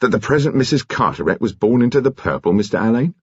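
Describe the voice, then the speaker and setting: A man voicing a steady police inspector with a plain, deadpan wit. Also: medium pitch, quick pace, husky, dry recording, muffled recording, pitched above the performer's own voice.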